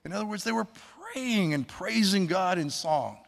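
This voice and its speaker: A man preaching a sermon, earnest, slowing down to stress words and quoting scripture. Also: high voice, animated, gravelly. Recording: long hall reverb.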